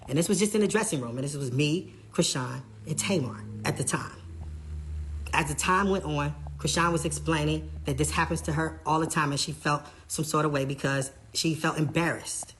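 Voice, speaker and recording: A tour manager casually recounting a backstage incident in an animated way, often quoting what others said. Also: medium pitch, moderate pace, slight background noise. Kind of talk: casual storytelling.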